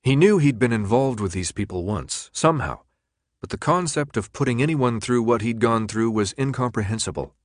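A man narrating an audiobook in a measured, expressive reading. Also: medium pitch, dry recording, clean studio sound.

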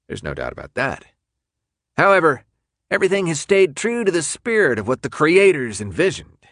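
A man voicing a cold, volatile older official who speaks in a clipped way and swings between quiet menace and shouting. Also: on the high side, huge pitch swings, normal speed, dry recording, studio quality, pitched above the performer's own voice. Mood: grave.

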